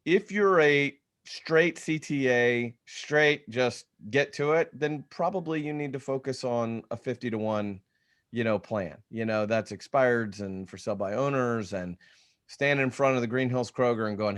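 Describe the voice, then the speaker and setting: A man's voice: mid-range voice, unhurried. A man with a drawl leads an online class for real estate agents, his voice sitting in an ordinary middle register. He talks with energy in a loose conversational way and often restarts his thoughts partway through. The sound carries the feel of a video call. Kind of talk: webinar teaching talk.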